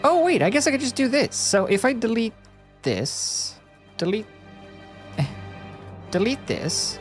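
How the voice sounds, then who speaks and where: A woman's voice: on the high side, sing-song, a little slow, faint music behind. A woman live-streaming as she animates, thinking aloud and making playful sound-effect noises. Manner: thinks aloud while working, half to herself. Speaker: streamer animating digital art. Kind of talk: casual live-stream commentary.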